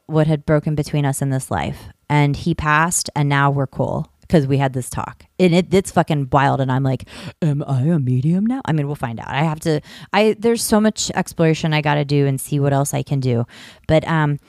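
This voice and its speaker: A woman casually telling a long personal story on a podcast, rambling and animated, swearing freely. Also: low-pitched, normal speed, no room sound, studio quality.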